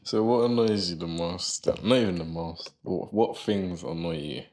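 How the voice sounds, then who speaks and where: A young man co-hosting a podcast, relaxed and joking in casual chat, with many short agreements. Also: low voice, normal speed. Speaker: podcast co-host.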